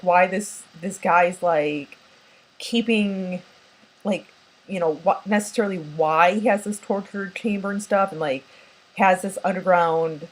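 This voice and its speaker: A woman's voice: on the low side, poor audio. A woman casually recapping a horror film plot, rambling with lots of filler words and acting out characters' lines. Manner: animated, acts out characters' lines. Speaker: movie reviewer.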